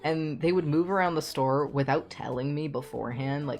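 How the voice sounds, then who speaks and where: A young man streaming a game, telling an animated story in a casual rant full of swearing. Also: fairly high pitch, normal speed, faint music behind.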